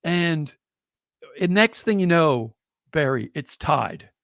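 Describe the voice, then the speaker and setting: American guy spinning a yarn on a podcast, lively and chuckly, kinda raspy. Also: a little high, slow pace, no echo, clean studio sound. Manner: lively, chuckling, builds excitement as he tells it. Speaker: storyteller. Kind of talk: telling a personal anecdote on a podcast.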